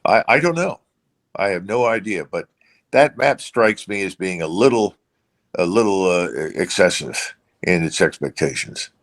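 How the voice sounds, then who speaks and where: A man with a very low voice talks through political analysis as an interview guest. He speaks unscripted and measured, pausing on fillers and restarting phrases as he thinks. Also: animated. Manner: measured, with many hesitations and restarts.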